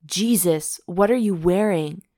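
A woman's voice: lowish voice, unhurried, heavy background noise, lightly acted. A woman reading the lines of an impatient adult male romance hero aloud.

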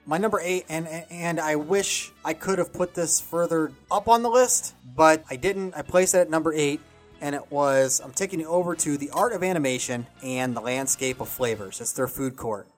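A man's voice: a little high, moderate pace, soft background music. A man hosting a podcast in casual chat, upbeat and chatty, with playful asides and frequent restarts. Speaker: podcast host.

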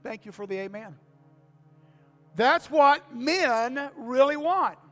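Older male pastor, high-pitched, folksy sermon delivery, recorded in an echoing church with soft music under him. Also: animated, takes it slowly. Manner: folksy, repeats key phrases, asks the congregation for amens. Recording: long reverb of a church hall.

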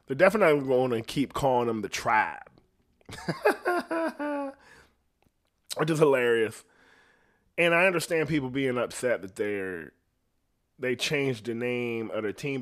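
A man's voice: medium pitch, a bit bright. A man hosting his own podcast, talking casually in a rambling, profane way and laughing at his own jokes. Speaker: podcast host. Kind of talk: casual solo podcast rant.

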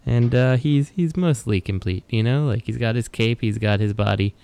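A man's voice: medium pitch, normal speed, creaky, mellow, clear, resonant tone, no room sound. A man co-hosting a casual podcast, laid-back and telling a story. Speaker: podcast co-host. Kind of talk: casual chat.

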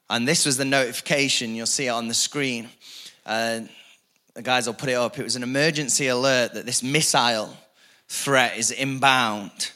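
A man preaching a sermon as pastor, energetic and repetitive, building emphasis with casual asides. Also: medium pitch.

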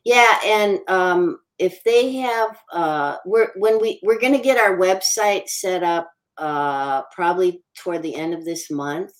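Middle-aged woman, interview guest, deep voice, halting, lots of uhs. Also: poor audio. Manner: halting, many ums and uhs. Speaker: guest, paranormal investigator. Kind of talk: casual interview chat.

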